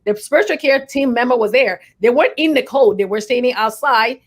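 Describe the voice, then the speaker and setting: A woman's voice: fairly high pitch, a little fast. A woman who is a nurse co-hosting a talk show, telling stories in a chatty way full of fillers. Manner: chatty, storytelling, many fillers. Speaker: nurse and co-host.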